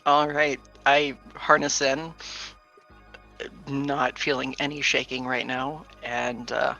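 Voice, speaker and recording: A man playing in a tabletop game, speaking in character, slow and hesitant. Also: mid-range voice, flat delivery, vocal fry, bright, forceful tone, lo-fi sound, soft background music. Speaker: player.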